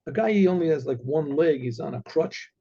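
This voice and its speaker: A man, a rabbi, telling a story in a halting, repetitive way full of asides. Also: fairly high pitch, animated, warm tone, husky, muffled recording. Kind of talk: oral storytelling.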